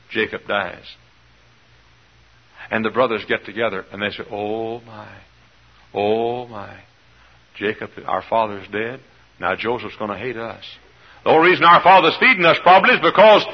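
A man preaching as a pastor, telling a Bible story in an animated way and acting out the people in it. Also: medium pitch, breathy edge. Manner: animated storytelling, voices quoted characters. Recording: dull lo-fi old sermon recording.

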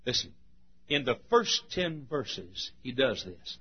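A man preaching a sermon, moving from slow, low teaching into high, fervent preaching. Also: big pitch swings, slightly rough, dull audio.

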